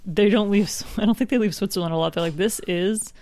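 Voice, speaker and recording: A woman's voice: medium pitch, rapid-fire, darkish tone. A woman co-hosting a podcast in casual chat, talkative, laughing often and trailing off with "like". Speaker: podcast co-host.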